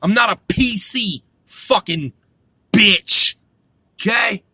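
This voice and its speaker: Ranting young american man, high pitch, slow drawl, sharp bright tone, shouty and profane. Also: slightly rough, dry recording. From United States. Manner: profane, combative, shouting bursts. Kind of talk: ranting monologue to camera.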